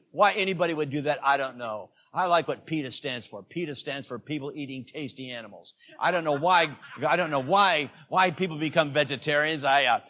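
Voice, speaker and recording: A man preaching a sermon as a visiting evangelist, folksy and joking, swinging between loud peaks and hushed asides. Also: on the high side.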